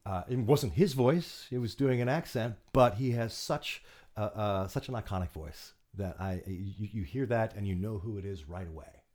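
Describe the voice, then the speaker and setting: A man, an actor guest, talking in a casual podcast interview, with halting speech full of restarts and quick laughs. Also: lowish voice, a little mellow.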